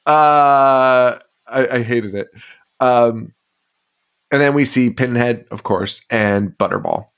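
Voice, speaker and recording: A man's voice: medium pitch, slow pace, a bit bright, smooth. A man co-hosting a podcast, recapping a movie in casual chat, swearing constantly and rambling with fillers. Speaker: podcast co-host.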